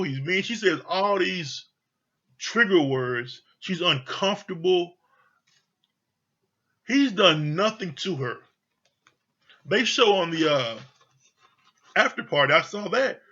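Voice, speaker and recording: A man's voice: high voice, pushed and bright, breathy edge, dull audio. A man giving a casual, profanity-laced review of a TV show, blunt, exasperated and mocking.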